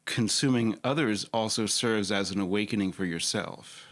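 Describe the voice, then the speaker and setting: A man hosting a radio interview, asking calm, brief questions. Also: on the low side, normal speed.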